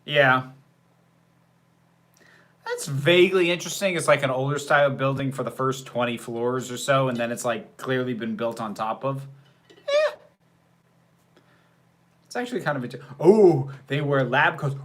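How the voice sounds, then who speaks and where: A man's voice: medium pitch, moderate pace, pauses often, fairly bright tone. A man hosting a livestream, casually commenting on a film, answering chat questions and laughing often in a sarcastic tone. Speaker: livestream host reacting to a film.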